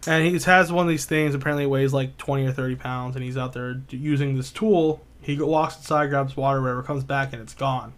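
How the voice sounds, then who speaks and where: A man talking casually on a podcast, retelling a story in a loose, rambling way. He swears often and leans on filler words. His pitch stays fairly flat throughout. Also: fairly quick, few pauses. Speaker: podcast co-host. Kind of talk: casual chat.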